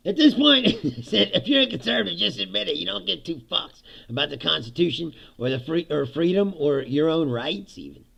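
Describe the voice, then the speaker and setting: A middle-aged man hosts his own livestream, venting about the news in a sarcastic, profane way and breaking into laughter often. His voice is bright and forceful, sitting a little high, with a heavy gravelly rasp. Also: very animated, moderate pace, dull audio. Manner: sarcastic, laughs often, swears, mimics others. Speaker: livestream host. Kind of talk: casual political commentary livestream.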